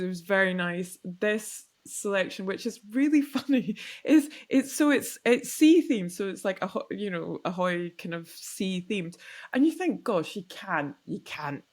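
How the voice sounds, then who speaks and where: A woman co-hosting a podcast in casual industry chat, animated and full of restarts and asides. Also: lowish voice. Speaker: podcast co-host.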